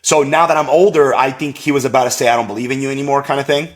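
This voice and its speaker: Animated man telling a faith story. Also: medium pitch, racing. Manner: rambling, full of "like" and "you know"; animated, acts out quoted voices. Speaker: podcast guest. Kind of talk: personal testimony storytelling.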